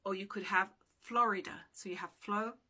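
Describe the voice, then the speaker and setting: In a casual video lesson, a woman patiently teaches dictionary pronunciation, checking in with "okay?" as she goes. Her medium-pitched voice is steady, a little fast, pushed and bright with a breathy edge. There's no microphone, so room sound comes through and her voice sometimes drifts far from the camera.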